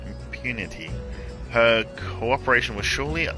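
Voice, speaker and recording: A man voicing a stern, dutiful guard officer in a formal, measured way. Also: medium pitch, animated, music in the background, lightly acted, poor audio. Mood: grave. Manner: formal, measured reading of quest dialogue.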